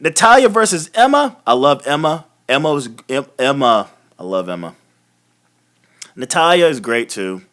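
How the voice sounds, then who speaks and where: Profane, ranting man with lively pitch. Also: normal speed, few pauses. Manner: laughs often. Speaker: host of a wrestling recap show. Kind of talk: live casual commentary recap.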